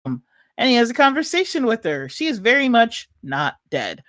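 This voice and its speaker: A woman's voice: on the high side, normal speed. A woman chatting casually about a movie, telling scenes animatedly with lots of fillers and laughter. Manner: animated storyteller, laughs often, many fillers.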